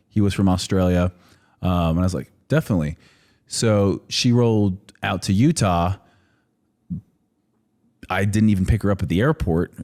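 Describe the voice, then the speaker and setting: A man in his thirties with a slightly low voice, chatting loosely as a podcast guest. He rambles through stories, laughing often and padding sentences with "like" and "you know". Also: a little mellow. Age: 30s. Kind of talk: casual chat.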